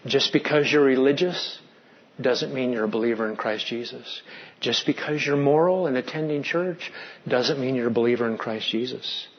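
A man preaching a sermon as pastor, animated and swinging between loud and hushed, sometimes asking the congregation questions. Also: mid-range voice, moderate pace, dull audio.

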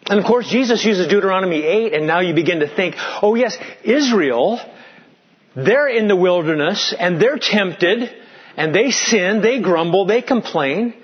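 A pastor preaching a dramatic sermon, dropping into hushed tones for emphasis. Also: male voice, high-pitched, lively intonation, normal speed, husky, muffled recording.

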